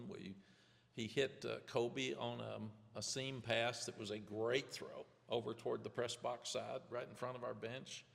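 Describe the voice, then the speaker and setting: Old guy in his 70s, gravelly coach talk, reverby press room. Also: mid-range voice, fairly bright tone. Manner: candid, rambling, self-deprecating with restarts. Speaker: head football coach. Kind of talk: press conference answers.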